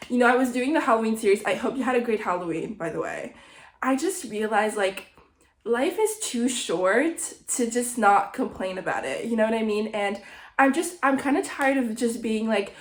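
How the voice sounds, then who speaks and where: A young woman vlogging a casual, animated rant, a little sick and swearing often. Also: fairly high pitch, roomy sound. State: slightly sick. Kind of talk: casual ranting monologue.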